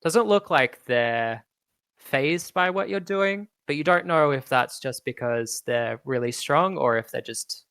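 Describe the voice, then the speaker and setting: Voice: medium pitch, expressive, measured pace, fairly bright tone, dry recording. A game master narrating a tabletop game in a laid-back, hesitant way with many ums.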